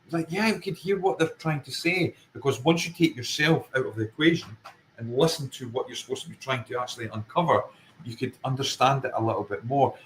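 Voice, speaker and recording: A man's voice: mid-range voice, fairly quick, a little hiss or hum, low-quality recording. Earnest Scottish man from Fife. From Scotland. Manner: earnest, emphatic, circles back to his point. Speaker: paranormal investigator guest. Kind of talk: casual interview chat.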